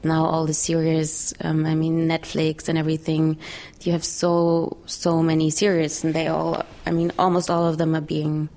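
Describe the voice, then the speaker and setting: Low, gravelly-voiced woman. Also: completely flat delivery, moderate pace, mellow. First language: German. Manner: casual, fluent, with you-knows. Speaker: dubbing actress. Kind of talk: interview answers.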